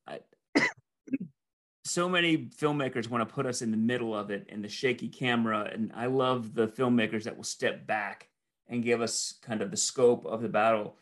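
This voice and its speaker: A man in casual conversation, enthusiastically recounting film scenes and often restarting his sentences. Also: medium pitch. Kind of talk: casual movie review chat.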